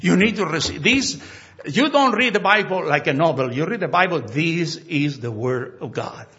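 Male pastor, emphatic sermon delivery, fairly high voice, dull lo-fi recording. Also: normal speed. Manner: animated, emphatic, acts out dialogues.

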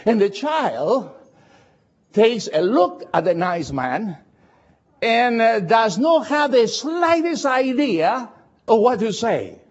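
A man preaching a sermon in English, slow and emphatic, repeating phrases for effect. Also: very high-pitched, sing-song, lo-fi sound. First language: Spanish.

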